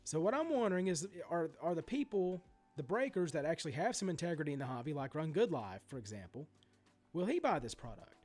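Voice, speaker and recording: A man in his forties rants about sports card prices, his pitch swinging up and down as he gets worked up. He swears freely, wanders into asides and trips over restarts. Soft music sits faintly behind him. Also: brisk. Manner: animated, profane ranting with many asides and restarts. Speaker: sports card collector vlogger. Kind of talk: ranting vlog commentary.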